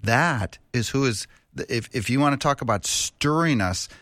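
Preacherly male radio guest, steady middle voice, dry and close. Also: mid-range voice, moderate pace, dry recording. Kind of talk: radio interview.

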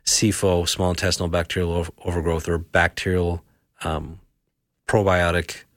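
Low-voiced man explaining health, halting. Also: level tone, fairly bright tone, no room sound, studio quality. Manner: halting, many fillers and restarts, explanatory. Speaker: health practitioner answering listener questions. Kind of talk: radio health talk show.

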